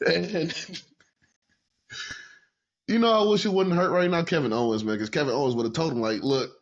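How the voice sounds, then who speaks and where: A man co-hosting a casual wrestling podcast, talking in a profane, excitable way and laughing often. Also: a little high, moderate pace, dull audio. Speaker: podcast co-host.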